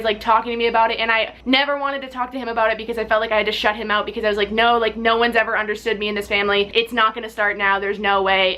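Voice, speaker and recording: A woman's voice: a little high, sharp tone. A young woman YouTuber talking straight to camera in a rambling, heartfelt way, swearing casually and saying "like" a lot, emotional and close to tears. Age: young adult. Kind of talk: casual vlog talk to camera.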